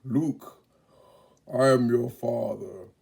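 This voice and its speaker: A man voicing a slow, ominous, heavy-breathing male bystander in a comic classroom skit. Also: mid-range voice, steady tone, gravelly, warm tone, pitched below the performer's own voice, heavily acted.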